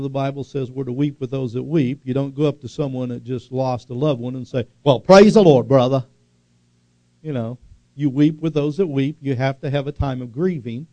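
A man's voice: mid-range voice, vocal fry, mellow, dry recording. A man preaching a sermon, emphatic and repetitive, often putting questions to the congregation. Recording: dull lo-fi recording.

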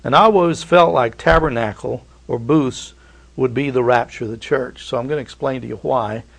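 A middle-aged man delivers a prophecy sermon with a gravelly edge to his voice. He preaches emphatically, leaning on repeated rhetorical questions and folksy asides. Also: medium pitch, normal speed.

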